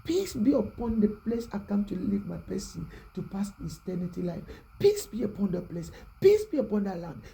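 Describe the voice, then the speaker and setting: A preacher giving a prayerful, repetitive exhortation, often dropping to a hushed voice. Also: mid-range voice, animated, normal speed, vocal fry, a little hiss or hum, rough recording.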